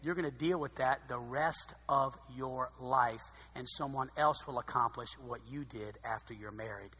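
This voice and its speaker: A man preaching a sermon, dramatic, swinging from hushed asides to loud emphasis. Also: mid-range voice, normal speed, husky. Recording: long hall reverb.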